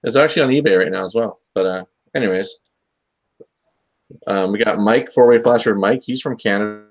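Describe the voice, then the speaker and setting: A man's voice: fairly low pitch, brisk. A man hosting a casual comics talk stream, joking and rambling with lots of fillers. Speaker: host of a comics talk show. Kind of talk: casual live-stream chat.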